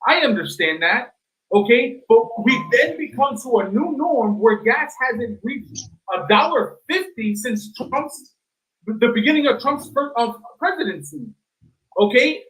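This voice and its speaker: A man on a discussion panel who argues loudly and emphatically, swearing as he makes his points. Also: extremely high pitch, lively intonation, measured pace, faint music behind, poor audio. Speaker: panel guest. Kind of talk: heated panel debate.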